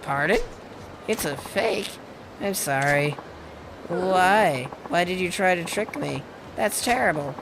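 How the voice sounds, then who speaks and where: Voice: mid-range voice, expressive, takes it slowly, creaky, noisy background. A streamer voicing a sweet young girlfriend in a game, reading dialogue aloud with gushing delight that turns reproachful. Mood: hurt. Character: young woman girlfriend, sweet then hurt.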